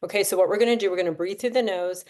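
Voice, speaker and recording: A woman's voice: medium pitch, racing, a little mellow. A woman leading a breathing class over a video call, chatty and encouraging as she counts the class through each step. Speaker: breathwork instructor.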